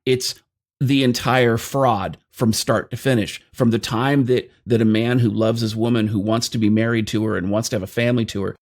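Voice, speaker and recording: A man's voice: medium pitch, fairly even intonation, normal speed. A man hosting a conversation who speaks firmly and directly to his audience, explaining points to them. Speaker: host. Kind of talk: casual conversation, explaining to viewers.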